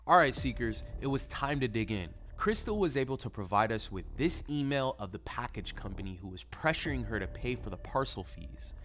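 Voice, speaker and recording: A man's voice: medium pitch, slight background noise. A man hosting and narrating a show in a scripted, upbeat way, addressing the viewers directly.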